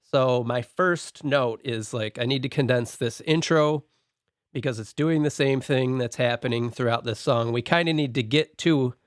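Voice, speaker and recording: A man's voice: mid-range voice, normal speed, no echo, clean studio sound. A man co-hosting a podcast, walking through his production notes on a song point by point in a casual, methodical way.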